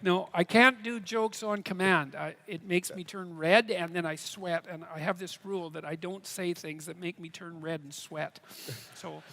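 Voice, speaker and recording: A man from Canada answering audience questions on stage, halting and restarting phrases, with dry humor. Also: sits high, steady tone, vocal fry, bright, forceful tone. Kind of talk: live Q&A on stage. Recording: live hall with long reverb.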